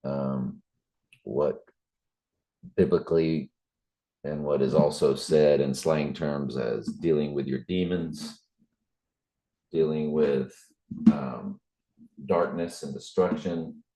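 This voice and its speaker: A man's voice: rumbling low, steady tone, takes it slowly, long pauses, dark tone. A middle-aged man, talking in an earnest, preachy way with fillers and restarts. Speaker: Bible study channel host. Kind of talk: casual spoken reflection.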